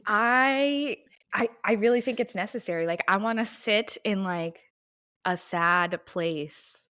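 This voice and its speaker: A woman's voice: mid-range voice, slow, a bit bright, dry recording, clean studio sound. A young woman co-hosting a casual podcast, chatting with laughs and trailing asides. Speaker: podcast co-host. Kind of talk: casual chat.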